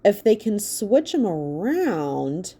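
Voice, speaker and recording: A woman's voice: on the low side, very animated, normal speed, a little mellow. Woman voicing a laid-back joking boy.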